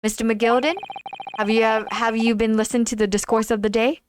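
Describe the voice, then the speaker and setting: A woman's voice: a little high, little pitch movement, close to an everyday voice. A woman reading a stern courtroom judge. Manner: formal, measured courtroom speech. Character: stern older male judge.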